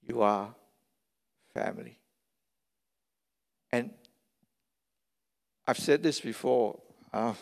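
Slow gravelly pastor preaching, keeps repeating his point, big echoey hall. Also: medium pitch. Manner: emphatic, repeats key phrases for stress. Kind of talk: sermon. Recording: long reverb of a large hall.

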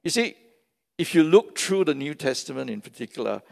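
A man's voice: a little high, big pitch swings, a little fast, gravelly, a little mellow. A man preaching a sermon as pastor, emphatic and repeating key phrases for stress, recorded in a large church hall. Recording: long reverb of a large hall.

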